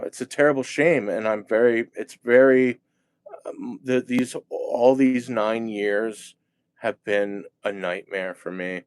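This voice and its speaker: A man delivers a rambling monologue in a slow, drawn-out way, agitated and often cursing. He keeps breaking off and restarting his sentences. The sound is close and dry with no room echo. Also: on the low side, smooth. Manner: agitated, profane, halting with restarts. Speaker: vlogger.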